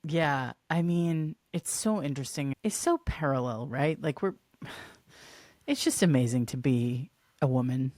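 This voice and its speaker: Low-voiced woman in her fifties, dry sound. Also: animated, a little slow, a little mellow, no room sound. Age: 50s. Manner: open, enthusiastic, talkative. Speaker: podcast guest, advocate. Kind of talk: casual chat.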